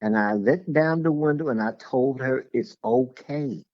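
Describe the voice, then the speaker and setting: A man's voice: mid-range voice, moderate pace, no echo. A man who is a guest in a casual conversation, telling rambling stories and repeating words as he goes. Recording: dull lo-fi sound.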